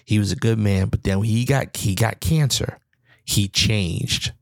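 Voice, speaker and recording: A low, gravelly man's voice delivers a heated, rambling podcast monologue, circling back and repeating his points. The sound is dry and close, with no room around it. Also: a little slow, no room sound. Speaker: podcast host. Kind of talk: casual opinion monologue.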